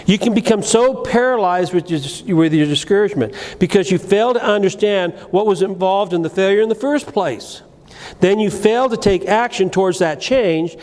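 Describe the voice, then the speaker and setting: A middle-aged man preaching a sermon, telling a personal story, moving between loud emphatic lines and low quiet asides, with frequent restarts. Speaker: pastor. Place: church sanctuary. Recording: live church recording with long reverb and faint room noise.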